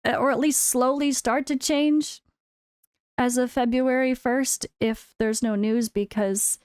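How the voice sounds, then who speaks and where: An American woman with a fairly high, smooth, clear voice chats candidly to camera in a casual vlog. She speaks frankly and drops wry, sarcastic asides. The sound is dry and close, with no room echo. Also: steady tone, slow pace, darkish tone. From United States. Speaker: full-time gaming content creator. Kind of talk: casual chat.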